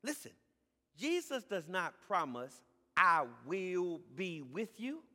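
A man preaching a sermon as a pastor, building from calm teaching to shouted, drawn-out emphasis on key words. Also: high voice. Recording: live sermon in a reverberant hall.

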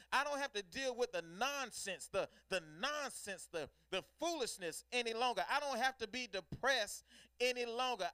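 Male preacher, fervent call-and-response sermon, high and bright voice. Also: smooth, no echo.

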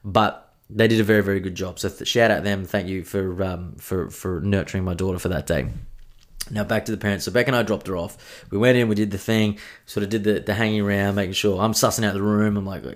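A man's voice: lowish voice, fairly even intonation, fairly quick. A young man hosting a casual solo podcast, joking and swearing freely as he chats. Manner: swears freely, jokey and self-mocking. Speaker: podcast host.

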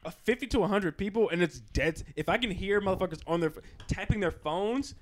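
A man's voice: high voice, expressive, brisk. A young man and stand-up comic co-hosting a podcast, who laughs and acts out quotes as he tells stories. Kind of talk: casual chat.

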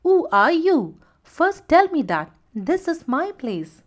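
A bold lioness from a storybook, challenging intruders on her own ground, as a woman narrator puts her on. Her voice is raised and high, with a lively pitch. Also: slow pace, full character voice. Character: bold, kindly lioness guarding her land.

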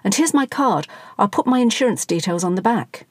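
A woman's voice: medium pitch, expressive, a little fast, dry recording, clean studio sound, lightly acted. A woman voicing a flustered middle-aged male politician, nervous and matey in a storybook reading.

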